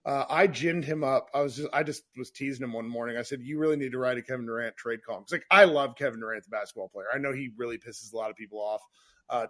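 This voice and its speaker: Man, podcast host, rambling casual chat, mid-pitched voice, restarts a lot. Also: fairly bright tone. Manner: chatty, rambling, frequent restarts. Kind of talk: casual live sports chat.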